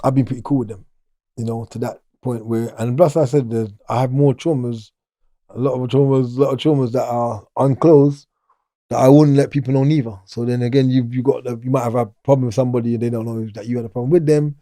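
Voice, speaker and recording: A man's voice: medium pitch, steady tone, quick pace, dark tone, no echo, studio quality. A middle-aged man, talking casually as an interview guest, rambling and restarting his sentences. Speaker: guest, former prisoner.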